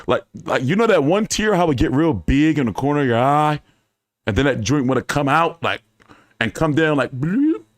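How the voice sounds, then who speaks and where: Studio-quality sound with no room tone captures a boxing channel host whose pitch is fairly high and pace moderate. He's animated and profane, laughing as he spins loose stories for viewers.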